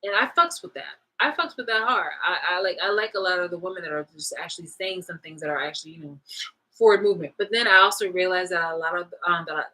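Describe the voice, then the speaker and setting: A woman with a lowish voice and a bright, forceful edge, venting to her audience. She talks bluntly and swears freely, laughing as she goes and dropping from loud bursts to low mutters. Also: fast talker, rough recording. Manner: profane, blunt, swings between loud and low; laughs often mid-rant. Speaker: vlogger. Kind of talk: casual rant to camera.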